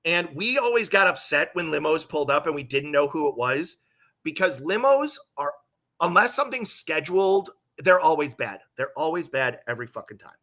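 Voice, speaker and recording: A middle-aged man, a podcast host, telling a long story in a casual, profane, animated way. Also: on the high side, moderate pace.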